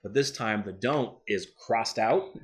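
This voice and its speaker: A man co-hosting a casual review chat, animated and quick to act out lines from scenes. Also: fairly low pitch. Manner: animated, acts out character lines. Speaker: show co-host.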